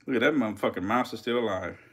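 A man giving casual live-stream commentary as a reptile keeper, chatty with viewers, swearing and getting excited. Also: on the low side, quick pace, breathy edge.

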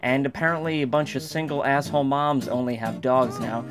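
A man's voice: mid-range voice, steady tone, fairly quick, music in the background. A young man in casual game commentary, goofy and rambling, who keeps slipping into silly voices. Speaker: gaming commentator. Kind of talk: casual let's play commentary.

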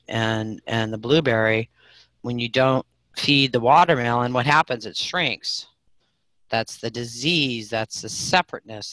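A middle-aged woman teaching a live online spiritual class, telling stories with big swings between loud and soft. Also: a bass voice, dry recording.

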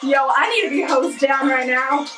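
A woman's voice: high-pitched, moderate pace, distant mic. A young woman gushing and squealing as she reacts to a music video, laughing and swearing often. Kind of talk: excitable reaction vlog. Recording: echoey room, voice off-mic, music playing.

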